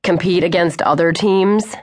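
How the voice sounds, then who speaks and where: A polite, dutiful teenage boy, as a woman narrator plays him, reserved and respectful. The voice stays fairly low and even. It is a close storybook reading. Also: measured pace, lightly acted.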